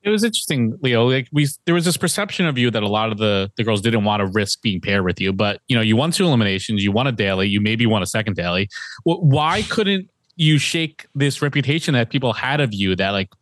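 Male podcast co-host, rapid questions, dry sound. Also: medium pitch, expressive, fairly bright tone, no room sound. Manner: quick, casual questioning. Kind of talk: interview questions.

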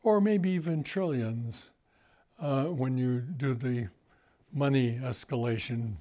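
An older man being interviewed, recalling past events slowly, with frequent fillers and restarts. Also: mid-range voice, mellow. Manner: halting, many fillers and restarts. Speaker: interview guest.

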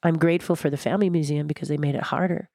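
Blunt, passionate older woman, low voice. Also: racing, dry recording, clean studio sound. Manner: passionate, blunt, animated storyteller. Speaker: guest, former theme park designer. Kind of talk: candid interview conversation.

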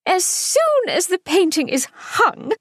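A woman voicing a shrill, excitable older society mother who trills and chirps her words. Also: slow pace, dry recording, studio quality, full character voice. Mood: chirpy.

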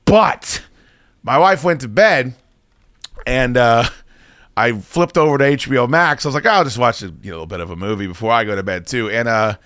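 A man in his thirties tells a long, rambling story on a podcast, swearing at every turn. He mocks himself throughout. His voice sits at an ordinary middle pitch, and the recording is dry and close. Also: expressive, moderate pace, fairly bright tone, no echo. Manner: rambling, swears constantly, self-deprecating. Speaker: podcast host. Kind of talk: casual profane storytelling.

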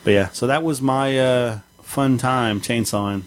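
A man's voice: mid-range voice, a little slow. A man telling a story in casual chat on a podcast, acting out the people in it with a raised voice. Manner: animated, acts out the people in his story with a raised voice.

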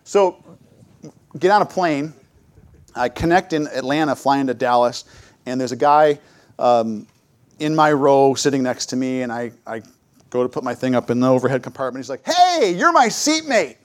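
Speaking at medium pitch and a moderate pace with long pauses, this middle-aged church speaker shares personal stories in a talk at church. His storytelling is lively, and he performs his own lines and others' quotes. There's no echo.

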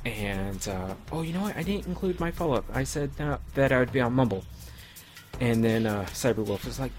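A man's voice: medium pitch, lively intonation, a little fast, darkish tone, soft background music. A middle-aged man hosting a casual podcast, reading listener tweets aloud in a chatty, stumbling way with easy laughs. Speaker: podcast host.

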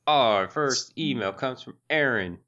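A man's voice: mid-range voice, animated, measured pace, bright, forceful tone, highs cut off. A man co-hosting a casual podcast, joking and laughing often, and reading listener emails aloud. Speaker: podcast co-host.

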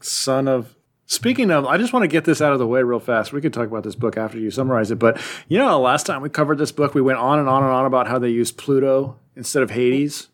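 A man's voice: mid-range voice, fast talker. A man co-hosting a podcast in casual, chatty banter. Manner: chatty, lively, trails off quietly. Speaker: podcast co-host. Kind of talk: casual chat.

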